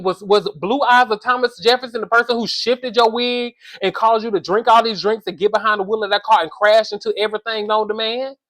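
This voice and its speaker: A woman giving casual comedic commentary on reality TV, animated and exasperated, scolding in slangy talk and speaking to her viewers as y'all. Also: on the high side.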